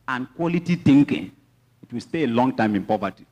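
A man's voice: medium pitch, expressive, brisk, darkish tone. A man with a Nigerian accent, preaching a sermon as pastor, mixing teasing asides to the congregation with emphatic teaching.

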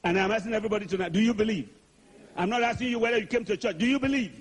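A man's voice: high-pitched, rapid-fire, slightly rough. A male preacher delivering a sermon, firing repeated rhetorical questions and calling on the congregation to answer back. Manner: call-and-response, urging the congregation to answer.

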